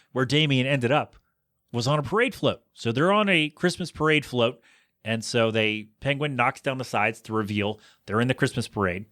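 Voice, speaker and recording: A man hosting a podcast, chatty and animated, recapping a movie and acting out the characters' quotes. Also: medium pitch, no echo, clean studio sound. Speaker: podcast host. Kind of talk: casual movie review recap.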